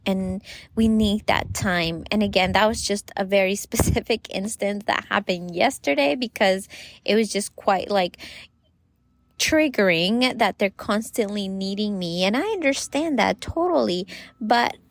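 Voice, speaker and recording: A woman's voice: medium pitch, a little slow, dry recording. A woman in her thirties hosting a podcast, giving casual advice in a chatty way with many fillers. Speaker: podcast host.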